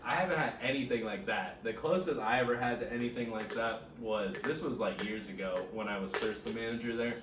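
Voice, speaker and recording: Male shop manager, casual storyteller, animated and profane; far-off roomy noisy recording. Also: fairly low pitch, a little fast, few pauses. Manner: animated, swearing, says bro a lot. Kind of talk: casual podcast chat, storytelling.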